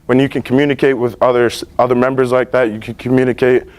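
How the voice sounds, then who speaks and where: A young man in his late teens giving a class presentation about his internships, earnest and relaxed, with many fillers and restarts. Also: mid-range voice, fast. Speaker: student presenter. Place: school library.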